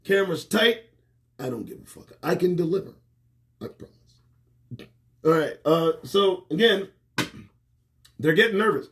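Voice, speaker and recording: A man hosting his own livestream show, ranting to camera with lots of swearing, jumping between loud outbursts and muttered asides, recorded indoors on a small home set. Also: high-pitched, lively intonation, moderate pace, pauses often. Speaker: host. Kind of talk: profane political rant to camera. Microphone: phone or webcam livestream.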